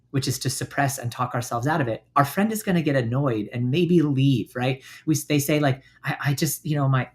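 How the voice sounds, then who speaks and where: A man hosting a self-help podcast, talking gently in a coaching manner and now and then acting out inner voices. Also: a little high. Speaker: podcast host.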